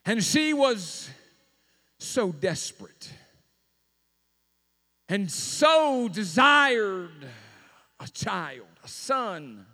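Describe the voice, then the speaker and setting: High-pitched dramatic preacher. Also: male voice, big pitch swings, extremely slow, pauses often. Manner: dramatic, swinging from shouting to near-whisper. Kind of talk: sermon storytelling. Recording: long hall reverb.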